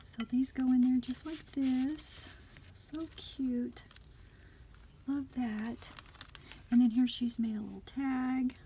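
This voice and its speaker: A woman narrates an unboxing of handmade craft gifts. Her voice sits high and mellow, her pace is slow and unhurried, and her chat is gushing and softly murmured. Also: fairly even intonation, a little hiss or hum. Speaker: craft vlogger. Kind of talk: unboxing commentary, chatty. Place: home craft room.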